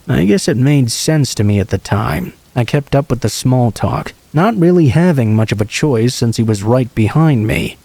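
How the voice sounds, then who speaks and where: A man calmly reading true scary stories aloud as a steady, scripted horror narration. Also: mid-range voice, no echo.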